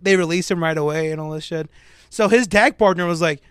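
Young guy on a podcast, pretty high voice, telling a story with lots of jokes, dry close sound. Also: fairly quick, clear, resonant tone, no room sound. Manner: animated storytelling, jokey asides. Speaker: podcast co-host. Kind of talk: casual chat.

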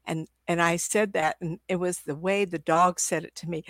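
An older woman tells lively stories as a guest on a video call from home. Her voice is a bit low for a woman and sounds dry and close to the mic. She talks in an animated, chatty way, laughs often, and keeps restarting her sentences. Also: moderate pace, few pauses, no room sound. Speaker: psychic medium guest. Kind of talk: casual interview storytelling.

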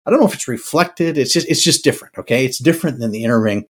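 A man's voice: mid-range voice, expressive, fast, breathy edge. An older man hosting a podcast, talking through his thoughts in a reflective, musing way and often restarting his words. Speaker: podcast host. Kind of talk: casual podcast monologue.

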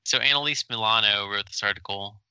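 A man with a lowish, bright, forceful, clean voice talks a little fast; the recording is dry and sounds dull. Originally from abroad, he moved to the US as an adult and co-hosts a casual chat podcast in a laid-back, hesitant manner.

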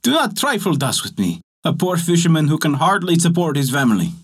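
A man voicing a poor, frightened fisherman in a storybook tale, speaking high and pleading. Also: very animated, brisk, slightly rough, exaggerated voice. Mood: lamenting.

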